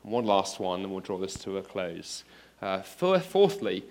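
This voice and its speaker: A man's voice: deep voice, sing-song, normal speed, darkish tone. A man giving an earnest apologetics talk to an audience, addressing listeners directly with examples and rising to emphatic exclamations. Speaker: preacher. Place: speaking to an audience of students.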